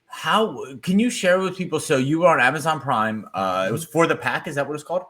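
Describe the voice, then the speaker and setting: A man hosting a podcast, chatting casually with his guest and asking quick follow-up questions. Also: on the high side, lively intonation, fairly bright tone. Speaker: podcast host. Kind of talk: casual interview chat.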